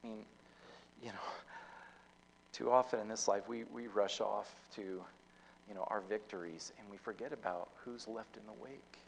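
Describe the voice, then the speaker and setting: A man's voice: fairly low pitch, fairly even intonation, normal speed, vocal fry, long pauses, slight background noise, poor audio. A man preaching a sermon as pastor, telling a story with many fillers and restarts, his volume rising and falling. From United States.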